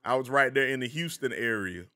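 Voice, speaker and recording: A man's voice: medium pitch, expressive, a little fast, pushed and bright. A man with a Southern American accent, from the Carolinas, casually chatting with viewers by name while streaming a game. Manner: laid-back, chatty, greets viewers by name.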